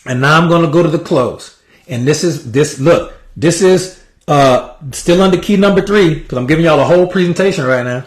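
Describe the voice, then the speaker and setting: A man's voice: high voice, expressive, fairly quick, fairly bright tone, reverberant. A man giving casual sales coaching, acting out sample conversations with prospects. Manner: casual, repetitive, acts out sample dialogue. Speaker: sales trainer. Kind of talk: motivational sales coaching talk.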